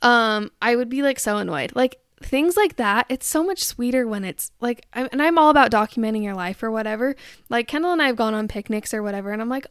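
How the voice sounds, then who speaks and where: A woman's voice: fairly high pitch, lively intonation, a little fast, clean tone, dry recording, studio quality. A young woman vlogging in casual chat, ranting with lots of filler "likes" and acting out quoted voices.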